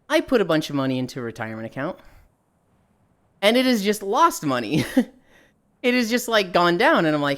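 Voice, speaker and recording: A woman's voice: mid-range voice, sing-song, moderate pace, long pauses, a bit bright. A young adult woman streamer ranting casually and profanely to her live chat.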